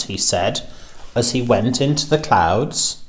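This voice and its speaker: A man reading a children's storybook aloud, with a slow and expressive delivery. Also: medium pitch.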